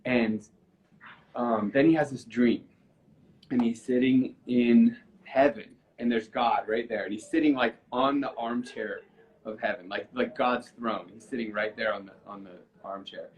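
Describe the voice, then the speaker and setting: A man talking over a live video call, earnest and halting, restarting his sentences as he works through a long story. His voice sits at an ordinary middle pitch for a man. He sounds open and moved by what he is saying. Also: steady tone, highs cut off. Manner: halting, with frequent restarts and fillers; earnest, gets emotional while telling a story. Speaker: musician. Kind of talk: casual live-stream chat, storytelling. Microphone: video call from a phone or computer.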